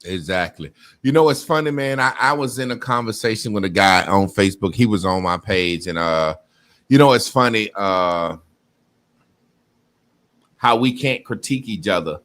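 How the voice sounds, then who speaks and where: A man's voice: lowish voice, moderate pace, fairly bright tone. A man in casual chat, talking loosely with many fillers.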